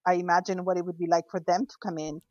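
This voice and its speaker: A woman with a fairly low voice, chatting about her floral work in a casual podcast. She speaks thoughtfully and lets sentences trail off. The sound is dry and a little dull. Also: level tone, quick pace, darkish tone, no echo. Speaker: florist guest.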